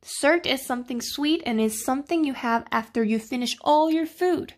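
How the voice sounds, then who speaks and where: A woman teacher, patiently walking children through a grammar lesson and checking in with them often. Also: sits high. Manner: slow, patient, checking in with "okay?" and "right?".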